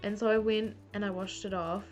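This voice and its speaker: A woman's voice: mid-range voice, steady tone, fairly quick, highs cut off, faint music behind. A young woman telling funny stories to camera, chatty and self-mocking, full of "like". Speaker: beauty vlogger. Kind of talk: casual storytelling to camera. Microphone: camera mic.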